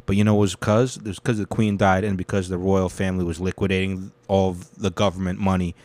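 A man's voice: low voice, flat delivery, quick pace, a little mellow, no echo. A young man hosting a casual news commentary, rambling and swearing freely. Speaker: show host.

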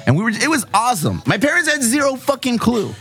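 Animated man telling stories. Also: very high-pitched, fast talker, slightly rough, faint music behind. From San Diego–Tijuana border region. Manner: animated storytelling, profane, switches into Spanish. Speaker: podcast host. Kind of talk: casual podcast chat.

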